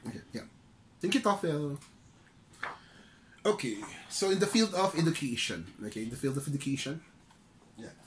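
A man's voice: on the high side, very animated, normal speed, long pauses, fairly bright tone, slight background noise. A middle-aged Filipino man giving loose, chatty career tips, often checking in with "okay?". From Philippines. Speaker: career trainer. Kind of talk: casual instructional vlog.

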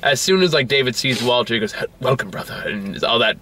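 A man's voice: medium pitch, animated, a little fast, bright, forceful tone. A man co-hosting a casual movie review chat, rambling with lots of fillers and frequent laughter.

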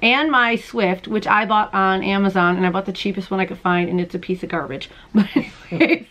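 A woman in her thirties hosting a crochet and knitting podcast, chatting casually to camera at home, bubbly and quick to laugh. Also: mid-range voice, steady tone, a bit bright. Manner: chatty, bubbly, laughs often, talks to viewers as "you guys". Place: at home, indoors.

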